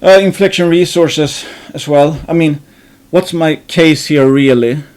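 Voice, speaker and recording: A man's voice: a little high, measured pace, a little mellow. A man hosting an investing channel, thinking aloud in a rambling way, with many restarts and fillers and some casual swearing.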